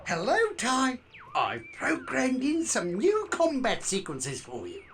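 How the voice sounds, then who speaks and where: An actress voicing a female video game character who sets up new combat challenges, speaking in a measured way. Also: fairly high pitch, wildly swooping pitch, faint music behind, full character voice.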